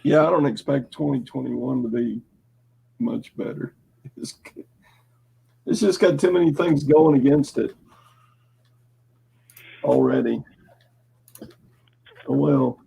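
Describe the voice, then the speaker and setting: A man's voice: medium pitch, slow, creaky, long pauses, dark tone, slightly rough, low-quality recording. A man co-hosting a casual morning show, telling stories with wry, dry humor. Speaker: co-host.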